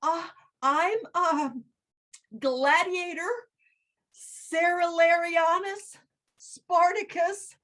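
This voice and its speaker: A woman's voice: extremely high pitch, fairly even intonation, extremely slow, pauses often, a bit bright, pitched above the performer's own voice, heavily acted. A woman voicing a frightened little boy gladiator who answers hesitantly in a children's story. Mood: timid. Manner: timid, hesitant.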